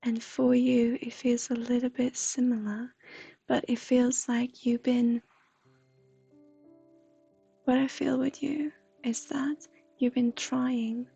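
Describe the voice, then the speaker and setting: A woman giving a gentle, half-whispered livestream psychic reading. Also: fairly high pitch, flat delivery, takes it slowly, gravelly, pauses often, husky, no echo, highs cut off, faint music behind. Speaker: intuitive reader.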